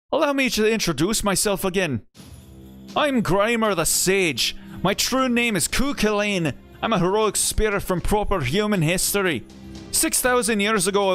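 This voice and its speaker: A cocky, breezy male sage with a put-on Irish lilt, as a man streaming a game voices him. His pitch sits a little high and swings widely as he teases. He sounds friendly and full of himself, a game character brought to life by a reader. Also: fairly bright tone. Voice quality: teasing, breezy banter. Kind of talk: voicing a game character while reading aloud.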